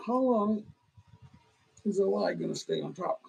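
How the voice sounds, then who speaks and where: A man's voice: high voice, lively intonation, measured pace, gravelly, a little mellow, slightly rough, low-quality recording. A middle-aged man hosting a phone livestream, chatting in a meandering way, eating as he talks, sounding tired. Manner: meandering, talks while eating, restarts often. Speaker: livestream host. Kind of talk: rambling casual livestream chat.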